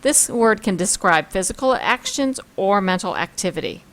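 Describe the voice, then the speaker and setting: A woman's voice: medium pitch, expressive, moderate pace, a bit bright. Woman, teacher, vocabulary screencast, reads word lists and example sentences.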